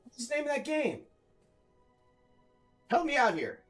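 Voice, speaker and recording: An excitable man chats with his viewers while streaming a game from home. His voice sits high and swings widely, and he swears freely and bursts into loud outcries. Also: a little slow, faint music behind. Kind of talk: casual live-stream chat.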